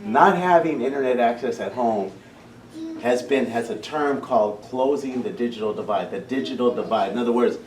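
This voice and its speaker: A man's voice: medium pitch, normal speed. A man who founded a community program, speaking passionately to parents, often restarting his phrases. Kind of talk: impassioned public talk. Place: school meeting room. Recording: echoey room, distant mic, faint hum.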